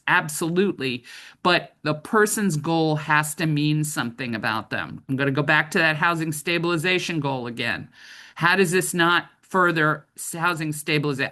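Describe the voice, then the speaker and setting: A woman's voice: low-pitched, fairly bright tone. A middle-aged woman trainer giving a conversational training lecture, often checking in with "right?".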